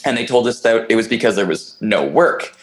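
A man's voice: mid-range voice, fairly even intonation, fast talker, rough recording. A man, a podcast guest, telling a long personal story in casual chat, rambling with restarts, fillers and the odd swear word.

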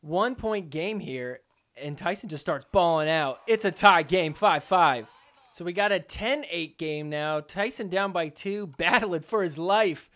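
Excitable man recapping sports highlights. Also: measured pace. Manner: excitable, joking, mimics players in quotes. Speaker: podcast host recapping matches.

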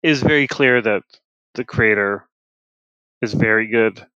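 A man's voice: lowish voice, unhurried, bright, forceful tone, clear, resonant tone, dry recording. A man in casual conversation about a book, thoughtful and repeating words as he searches for phrasing. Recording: slightly dull, dry sound.

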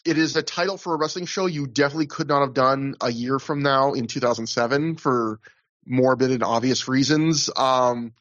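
A man's voice: mid-range voice, fairly even intonation, normal speed, fairly bright tone, muffled recording. A man hosting a casual podcast, rambling through a recap, often laughing and restarting his sentences. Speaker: podcast host.

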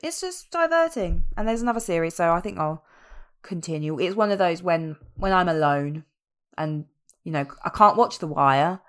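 A woman co-hosting a podcast, relaxed and wry in casual chat. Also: fairly low pitch, moderate pace, clean tone. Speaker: podcast co-host.

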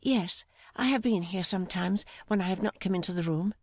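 A woman reading the part of a gentle, timid young woman, speaking softly and hesitantly with deep affection. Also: brisk, no echo, clean studio sound. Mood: tender. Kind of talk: audiobook dialogue reading.

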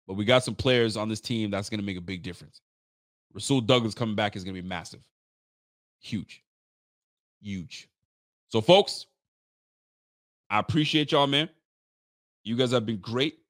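A man's voice: fairly low pitch, no room sound, studio quality. A tired man hosting a live post-game reaction stream for a fan channel, hyped and rambling, trash-talking the rivals. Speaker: sports fan channel host.

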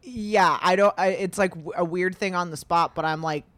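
Young woman cohosting a podcast, lowish voice, rambly w lots of likes, dry close sound. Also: normal speed, no echo. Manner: rambling, filler-heavy, animated. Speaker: podcast co-host. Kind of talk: casual chat.

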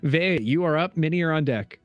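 A man's voice: fairly high pitch, a little fast, no echo, muffled recording. A man narrating as game master of a tabletop game, easygoing and full of fillers. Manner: easygoing, describes action with many fillers.

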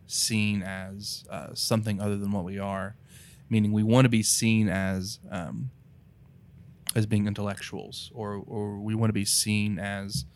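A man from North Carolina with an Appalachian accent, talking about faith in an earnest, rambling, casual way. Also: fairly low pitch. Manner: earnest, rambling, many "you know" and "right".

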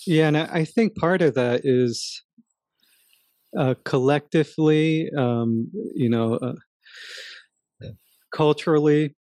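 A podcast co-host speaking gently and softly in conversation. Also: mid-range voice, slow pace, long pauses, no echo.

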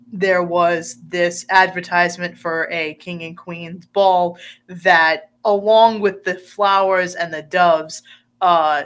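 A woman in casual chat, rambling through a film scene and acting out the characters' lines. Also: on the low side. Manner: rambling, animated, acts out quotes. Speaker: podcast co-host discussing a film.

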